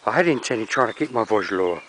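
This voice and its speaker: A man's voice: fairly low pitch, expressive, fast, fairly bright tone, slight background noise. An older man with a Cockney accent, wheezing and out of breath as he narrates a climb up a steep wooded hill. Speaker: vlogger. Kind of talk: walking vlog narration. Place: steep wooded hillside outdoors.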